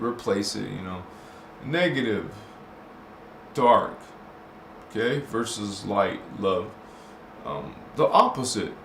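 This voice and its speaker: A man's voice: fairly low pitch, fairly bright tone. Chatty man on a roomy livestream. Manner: chatty, laughs often, breaks into chanted made-up words. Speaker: livestream host. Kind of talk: casual livestream chat. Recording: roomy, with faint background hiss.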